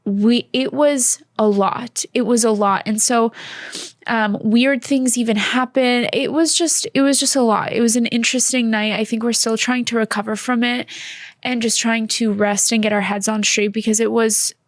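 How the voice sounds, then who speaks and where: A woman's voice: fairly high pitch, steady tone, normal speed, no echo, clean studio sound. A woman co-hosting a faith podcast, talking in an earnest, heartfelt way with many fillers. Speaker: podcast co-host. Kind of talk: casual faith podcast chat.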